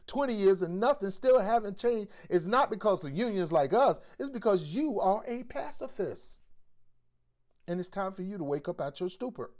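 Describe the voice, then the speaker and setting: Forceful, preachy male host. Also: high voice. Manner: forceful, exhorting, blunt street slang. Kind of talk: preachy commentary.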